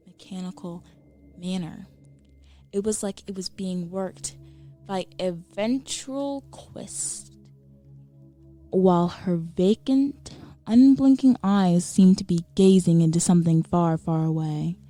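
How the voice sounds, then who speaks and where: Slow, dramatic woman horror narrator. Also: on the low side, mellow. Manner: slow, emotional, dramatic reading. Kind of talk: scripted horror story narration.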